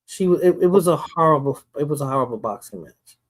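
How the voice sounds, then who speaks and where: A woman from the Bronx, New York, hosts a casual chat in a New York accent, speaking loosely, laughing a lot and trailing off into mumbles. Her voice is low-pitched, animated and quick.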